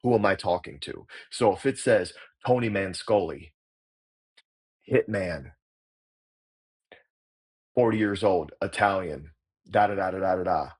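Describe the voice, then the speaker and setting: Middle-aged male actor-coach, deep husky voice, blunt and salty, explaining his craft. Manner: blunt, profane, emphatic. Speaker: actor and acting coach, guest. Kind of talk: casual interview talk.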